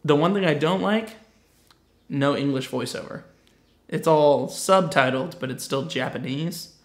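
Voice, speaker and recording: A man's voice: fairly high pitch, measured pace. A man co-hosting a casual chat podcast, joking loosely and leaning on "like" a lot. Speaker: podcast co-host. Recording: echoey room.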